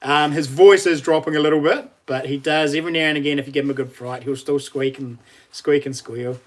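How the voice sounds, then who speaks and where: A man's voice: a little high, fairly even intonation, a little fast. A middle-aged man with a New Zealand accent, chatting casually on a live stream, laughing often and reading out viewer messages.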